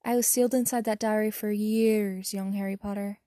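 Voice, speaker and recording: A woman voicing a calm young male ghost of a dark wizard, speaking quietly and with regret in a storybook reading. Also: mid-range voice, moderate pace, no room sound, clean studio sound, voice pushed down, close to an everyday voice. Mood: quiet, measured.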